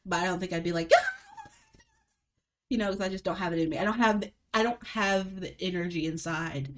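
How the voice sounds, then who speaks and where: A woman with a thick Alabama Southern accent chats casually on a podcast. She tells animated stories, laughs often and swears freely. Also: on the low side, moderate pace, slight background noise. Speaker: podcast co-host. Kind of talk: casual chat.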